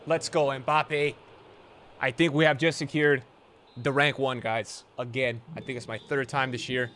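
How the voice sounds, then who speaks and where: A young adult man giving live commentary over his own video game matches, excitable, jumping from loud yelps to low muttering. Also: measured pace, slight background noise. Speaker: gaming video creator.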